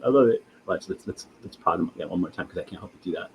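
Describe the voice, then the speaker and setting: A man presenting animals on a live educational show, excitable, stammering and often laughing. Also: sits low, fast, gravelly, slight background noise, low-quality recording.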